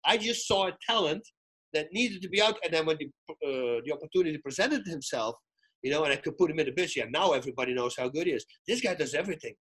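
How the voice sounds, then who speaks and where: A man, a retired fighter turned commentator, telling animated stories as a podcast guest and acting out the dialogue. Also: on the high side, fast talker, husky. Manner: excitable, acts out quoted dialogue, frequent restarts. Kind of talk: animated storytelling in casual chat.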